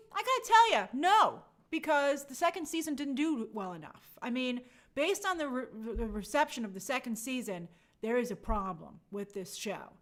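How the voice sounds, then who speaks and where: A woman's voice: on the high side, a bit bright. A young adult woman hosting a casual review show, reading viewer comments aloud and acting out quotes in playful voices. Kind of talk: casual live chat review.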